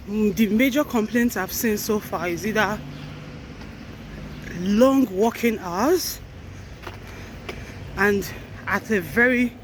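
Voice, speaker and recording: A woman's voice: mid-range voice, darkish tone, a little hiss or hum. A woman vlogging while walking outdoors, a little out of breath, chatting earnestly and correcting herself as she goes. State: slightly out of breath. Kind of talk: casual walking vlog.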